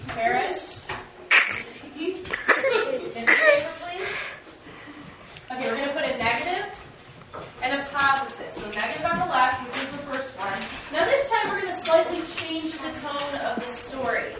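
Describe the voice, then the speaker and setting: A woman's voice: sits high, very animated, measured pace. A woman teacher giving instructions to her class and directing students through a role-play. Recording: very echoey, distant and noisy classroom recording.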